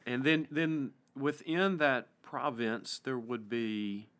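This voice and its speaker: A man with an East Tennessee accent, a pastor hosting a casual podcast interview, friendly and halting with frequent restarts. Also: mid-range voice, a bit bright.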